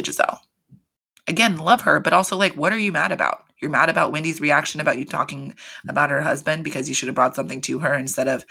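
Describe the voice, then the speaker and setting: Chatty gossip recap host, lots of "like" and "you know", sharp tone with some fry. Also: medium pitch. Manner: chatty, profane, full of fillers.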